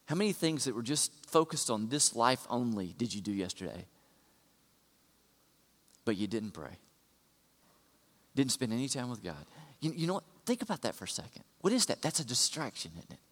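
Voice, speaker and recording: A man preaching a sermon, shifting from quiet conversational asides to loud, emphatic repetitions. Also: medium pitch, big pitch swings, normal speed, long pauses. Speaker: pastor. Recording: long hall reverb.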